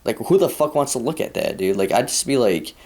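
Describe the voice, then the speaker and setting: A man's voice: mid-range voice, expressive, brisk, darkish tone. A young American man ranting in a crude, profane, rambling vlog monologue. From United States. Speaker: vlogger. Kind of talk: casual rant.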